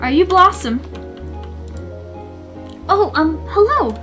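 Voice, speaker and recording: A woman streamer giving goofy, excitable let's play commentary. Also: high-pitched, unhurried, soft background music. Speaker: gaming streamer.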